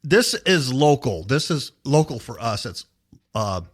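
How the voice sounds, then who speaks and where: A man's voice: mid-range voice, a little slow. A man hosting a talk show, chatting casually and joking, often mocking people in put-on voices. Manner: animated, jokey, puts on mocking voices. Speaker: podcast host.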